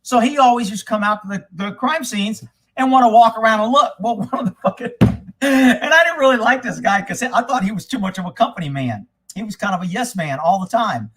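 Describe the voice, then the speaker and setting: A man's voice: very high voice, fast, breathy edge. A man, a former police investigator, telling profane stories in casual talk and acting out the people he quotes. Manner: animated, swears often, acts out quoted people. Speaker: podcast host telling stories.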